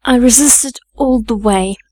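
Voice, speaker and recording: A woman reading a classic novel aloud as an audiobook narrator, measured and composed. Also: on the high side, a little mellow, no room sound. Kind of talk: scripted narration.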